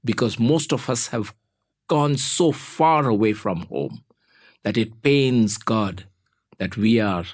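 A man teaching a sermon lesson, telling a story slowly and deliberately. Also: mid-range voice, no echo, clean studio sound. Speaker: preacher.

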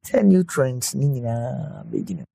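A man's voice: mid-range voice, very animated, a little slow, gravelly, dark tone, husky, no echo. A man explaining health matters in casual chat, with many hesitant restarts.

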